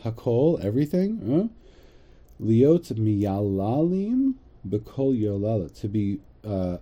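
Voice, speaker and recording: A man teaching a religious text casually, translating phrase by phrase with halting restarts. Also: lowish voice, big pitch swings, dark tone, muffled recording.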